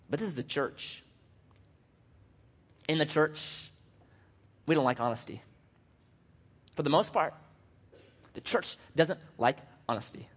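A man's voice: high voice, moderate pace, pauses often. A male pastor giving a casual, conversational sermon, acting out quotes and joking at his own expense. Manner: animated, conversational and self-deprecating, acting out quotes. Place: church sanctuary. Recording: dull lo-fi audio in a long-reverb church hall.

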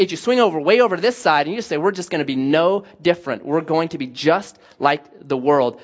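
A man preaching a sermon as a pastor, telling stories with lively acted-out dialogue. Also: on the high side. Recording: dull lo-fi sound.

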